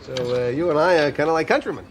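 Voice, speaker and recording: A man's voice: on the high side, animated, fast talker, background noise, lightly acted. An actor playing a fawning, scheming middle-aged man in a sitcom clip, talking in a wheedling, ingratiating way.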